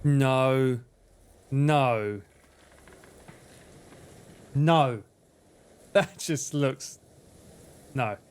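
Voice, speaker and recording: A man streaming games in casual commentary, excitable, swearing freely and laughing often. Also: medium pitch, very slow, pauses often, smooth.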